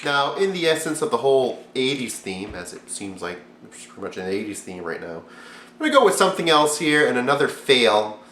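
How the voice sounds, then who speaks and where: A man giving a profane, sarcastic comedy rant as a video reviewer, swinging from loud outbursts to low mumbles. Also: very animated, brisk, roomy sound, slight background noise.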